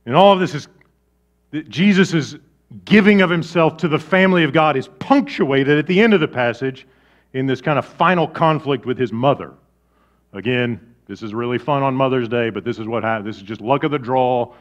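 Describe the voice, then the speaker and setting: A man preaching a sermon as pastor, conversational and animated, swinging between loud bursts and soft, low asides. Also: moderate pace, dull audio.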